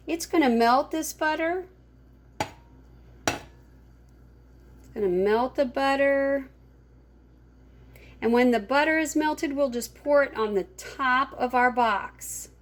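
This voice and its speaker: A woman teacher showing children how to make popcorn, talking slowly and gently to her class. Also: high-pitched, slight background noise. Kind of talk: classroom cooking demo.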